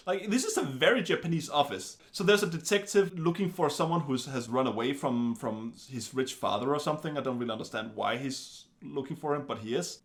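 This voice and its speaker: Animated man chatting about a film. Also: fairly high pitch. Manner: animated, wry, chatty asides. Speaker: film reviewer. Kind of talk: casual film review monologue.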